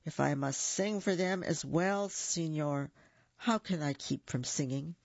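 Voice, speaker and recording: A reader voicing a brave, cheerful rooster in a storybook read-aloud, speaking with plain, steady defiance. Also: medium pitch, a little slow, vocal fry, no echo. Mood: cheerful resolve. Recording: dull lo-fi recording.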